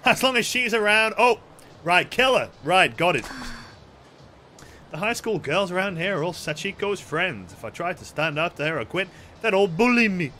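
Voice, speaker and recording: A man's voice: high voice, sing-song, moderate pace, bright, forceful tone, a little hiss or hum. A young man streaming a video game, swearing a lot, joking and reading the dialogue aloud. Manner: sweary, playful, reads game text aloud. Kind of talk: let's play commentary.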